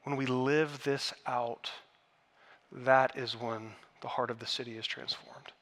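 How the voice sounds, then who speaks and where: A man preaching a sermon in a church, earnest, building to emphatic peaks and dropping to hushed tones. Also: medium pitch, fairly even intonation, unhurried. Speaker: pastor. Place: church sanctuary.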